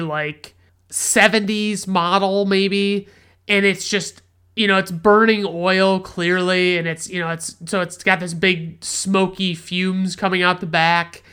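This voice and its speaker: A woman with a smooth, resonant, slightly low voice chats loosely about a film, swearing freely. She circles back on herself with fillers and restarts as she retells scenes. The delivery is casual and unscripted. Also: a bit bright. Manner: rambling, profane, many restarts and fillers. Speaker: podcast host reviewing films. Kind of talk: casual spoken film review.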